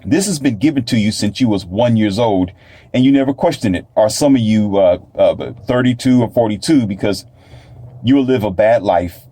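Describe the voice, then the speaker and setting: A man holds forth in a loose, preachy monologue, now and then mocking imagined doubters in a higher voice. His voice sits fairly low with a dark, mellow tone. The recording is dry and close. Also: normal speed, dry recording. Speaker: self-published author and talk host. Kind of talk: casual monologue.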